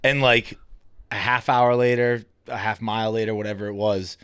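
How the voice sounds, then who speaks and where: Low-voiced man from Massachusetts, dry close sound. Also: fairly even intonation, normal speed, fairly bright tone, clean tone, no room sound. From Fall River, Massachusetts. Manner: rambling storyteller, laughs at himself. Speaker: podcast guest. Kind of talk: casual chat.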